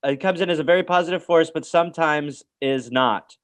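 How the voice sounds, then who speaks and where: A man with a somewhat higher voice hosts a casual podcast. He tells loose, rambling, jokey stories and reads out old report cards. He speaks close into a podcast mic. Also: a little fast, hardly any pauses, fairly bright tone. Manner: rambling, jokey, reads aloud and acts out quotes. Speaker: podcast host. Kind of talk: casual storytelling chat.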